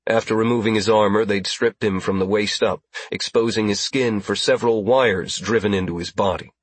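Brief: male narrator, low-pitched, husky, steady scripted narration, dry close mic. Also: moderate pace, no echo. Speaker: audiobook narrator.

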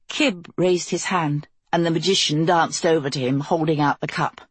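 A woman narrating a fantasy audiobook in a measured, even storytelling way. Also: low voice, slightly rough, dry recording.

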